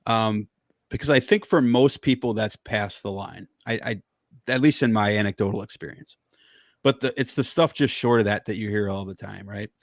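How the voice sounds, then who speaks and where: A man's voice: lowish voice, normal speed, no echo, studio quality. A man on a podcast, telling a story in heated, profane casual chat.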